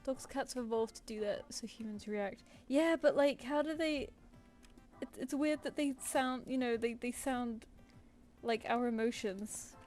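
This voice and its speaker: A woman's voice: on the high side, unhurried, darkish tone, faint music behind. A woman with a British accent chatting casually with viewers while she works on a live stream, rambling with lots of fillers. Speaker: streaming artist.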